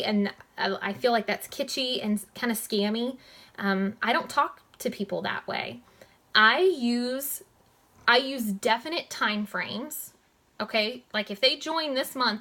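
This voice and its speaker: A young woman giving a motivational coaching talk to her network marketing team, talking in a direct, animated way and saying "like" and "guys" a lot. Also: on the high side.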